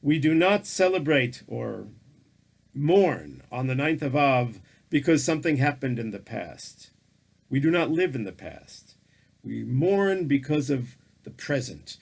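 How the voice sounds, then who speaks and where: A man teaching a religious lesson in sermon style, telling a story with lively emphasis and acted-out quotes. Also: medium pitch, unhurried, gravelly, husky.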